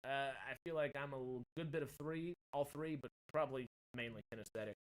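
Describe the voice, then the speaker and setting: A man's voice: mid-range voice, brisk. Guy rambling on his home stream, keeps fixing his mic, chatty and loose. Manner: rambling, self-correcting while fixing mic problems. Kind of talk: casual livestream chat. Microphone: desktop USB mic with pop filter.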